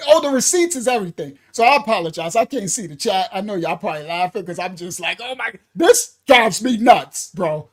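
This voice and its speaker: A ministry teacher giving a livestreamed lesson, reading from slides with excited asides to viewers and emotional, laughing outbursts. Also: mid-range voice, fairly quick, few pauses. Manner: animated, reads aloud from slides with asides to viewers; emotional, breaks into laughter and apologizes. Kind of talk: livestreamed Bible-history lesson.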